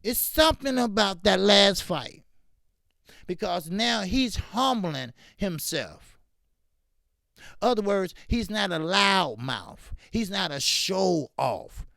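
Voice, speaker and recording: On a boxing talk stream, a male host greets his chat while ranting fiercely, repeating himself a lot and swearing freely. His voice sits high and is expressive and slow, with vocal fry and a pushed, bright quality. The studio sound is clean, with no echo.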